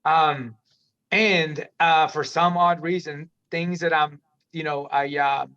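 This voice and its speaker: A man's voice: fairly high pitch, steady tone, slow, sharp tone, clear, resonant tone. A middle-aged man, a podcast guest, telling his life story candidly in a rambling way, restarting sentences and calling the host "man" often. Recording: dull lo-fi audio.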